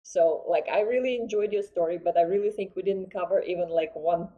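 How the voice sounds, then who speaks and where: A woman's voice: on the low side, brisk, narrow, tinny audio. A woman hosting a casual studio interview, effusive and full of fillers. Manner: warm, effusive praise with fillers. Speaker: podcast host.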